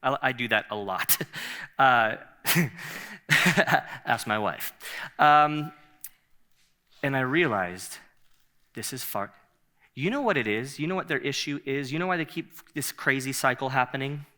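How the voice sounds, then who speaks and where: A man preaching a sermon in a conversational, animated way, often laughing and repeating himself. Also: medium pitch, measured pace, pauses often. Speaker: pastor.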